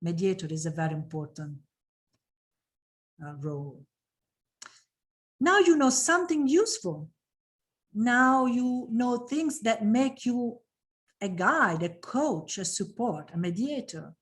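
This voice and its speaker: Slow, emphatic woman trainer. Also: medium pitch, animated. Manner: emphatic, repeats phrases, emotional about her subject. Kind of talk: online training session.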